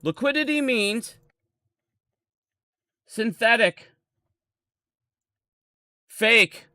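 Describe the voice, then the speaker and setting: A man's voice: very high voice, expressive, extremely slow, bright, forceful tone, smooth, no room sound, clean studio sound. A man in his thirties ranting on a live stream, angry and heavily profane. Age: 30s.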